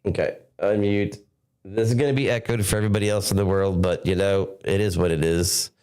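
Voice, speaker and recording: A man with a somewhat low voice co-hosts a casual live-streamed talk show. He rambles loosely and talks himself through what he is doing on screen, with lots of small restarts. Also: fairly even intonation, fairly quick, a little mellow, clean tone. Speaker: podcast co-host.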